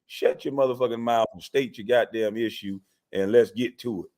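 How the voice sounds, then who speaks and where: A male host of a live call-in stream talks back to his callers in a blunt, profane, heated way. His pitch sits in an ordinary middle range. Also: moderate pace, darkish tone.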